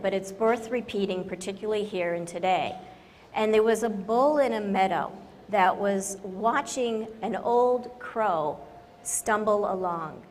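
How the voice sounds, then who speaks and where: A woman consultant addresses a conference audience in a joking, self-deprecating way, hitting her points with emphasis. Her voice rings in a large hall with long reverb. Faint background noise hangs under it. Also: medium pitch. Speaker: conference speaker, business consultant. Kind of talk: humorous conference talk.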